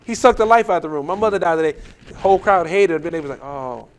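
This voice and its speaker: Man, comedian guest, casual podcast storytelling, profane, animated, high voice. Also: racing.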